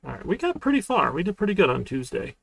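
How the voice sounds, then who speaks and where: Gravelly-voiced man teaching coding live. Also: a little high, wildly swooping pitch, fast, a bit bright, no room sound. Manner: casual, talkative, keeps checking in with "right?". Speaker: university programming instructor. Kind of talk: live-streamed coding lecture.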